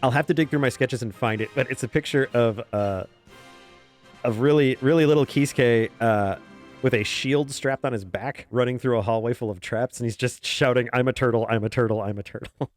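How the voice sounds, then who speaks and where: A man of medium pitch speaks at a normal speed while streaming his webcomic drawing. He chats casually and rambles, chuckling and muttering softly to himself as he works, with faint music behind.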